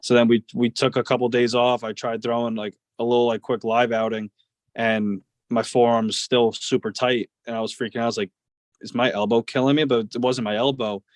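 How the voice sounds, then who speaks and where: A man's voice: medium pitch, level tone, a little fast, no echo. A young man in his twenties, a baseball player, telling stories in a casual interview, rambling with lots of "like" and "uh". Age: 20s. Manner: rambling, many fillers like "like" and "uh". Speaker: guest, professional baseball player.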